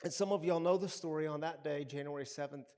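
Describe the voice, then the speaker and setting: In a gathering hall before a live audience, a man who pastors a recovery community tells a story during his sermon. His voice is fairly high and quick, and as an animated storyteller he acts out the quotes and makes buzzing sounds.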